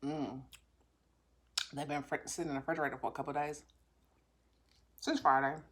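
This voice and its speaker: Low-voiced woman chatting through a meal. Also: steady tone, moderate pace, fairly bright tone, breathy edge. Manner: talks with mouth full, chewing and savoring between remarks; candid and self-assured, addressing viewers directly. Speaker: mukbang vlogger. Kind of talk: casual chat while eating. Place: at home at a table.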